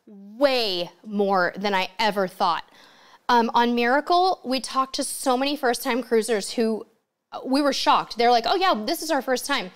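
A woman's voice: fairly high pitch, unhurried, clear, resonant tone. A woman hosting a casual live-stream Q&A from home, reading out viewer comments and answering them with chatty enthusiasm. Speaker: livestream host answering viewer questions.

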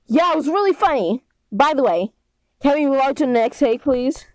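A woman giving an amateur reading of fan character lines, excitable and dramatic, swinging between loud squeals and low mutters. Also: moderate pace, no room sound, rough recording.

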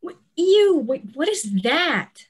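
A woman's voice: high voice, big pitch swings, slow pace, full character voice. A young woman playing a sarcastic teenage girl on an adventure, speaking dryly. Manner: dry, sarcastic. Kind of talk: stage play acting.

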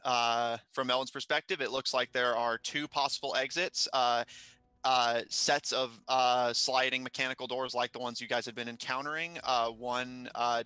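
Bright, smooth-voiced male game master. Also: medium pitch, dry recording. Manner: measured, descriptive scene narration. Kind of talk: running a tabletop game over a live stream.

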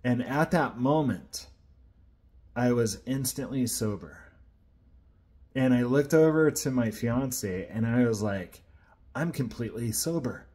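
A man's voice: mid-range voice, lively intonation, takes it slowly, pauses often, a little mellow. A man sharing an earnest personal faith testimony, retelling events in a casual, rambling way.

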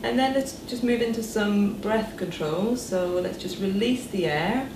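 A woman with a British accent, a speech therapist calmly guiding listeners step by step through breathing and voice exercises. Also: mid-range voice, measured pace. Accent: British English. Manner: calm, step-by-step instructions. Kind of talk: guided breathing exercise instruction. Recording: echoey room, voice from a distance, noise behind.

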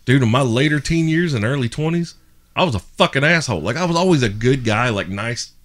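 A man hosting a podcast and telling stories in casual chat, animated and full of swearing. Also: mid-range voice, fairly quick. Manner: profane, animated storyteller. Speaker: podcast host.

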